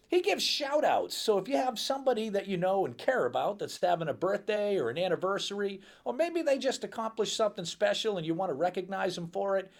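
High gravelly-voiced male show host. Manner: upbeat salesman pitch, repeats details slowly. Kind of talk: casual promotional talk.

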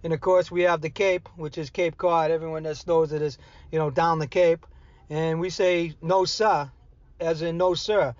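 A man with a thick Boston accent talks in a rambling, folksy way. His voice sits a bit high and sounds close and dry. The recording is slightly dull and lo-fi. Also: level tone, normal speed, no room sound. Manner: rambling, folksy, full of "you know" and "uh". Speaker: regular segment contributor. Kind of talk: casual chatty monologue.

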